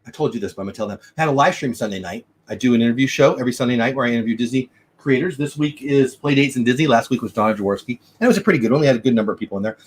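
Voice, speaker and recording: A man hosts a relaxed livestream from home, reading and answering viewer comments with eager enthusiasm. His voice is slightly husky and sits at a middle pitch. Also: racing. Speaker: livestream host. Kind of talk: casual livestream chat. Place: home room. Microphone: desk mic.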